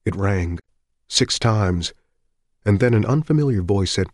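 Man, audiobook narrator, very deep voice, steady measured read, dry close mic. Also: no echo. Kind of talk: scripted narration.

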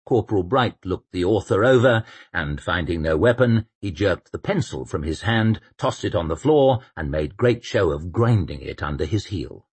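A man reading fiction aloud as an audiobook narrator, measured and expressive. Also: sits low, husky, dry recording. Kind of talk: scripted narration.

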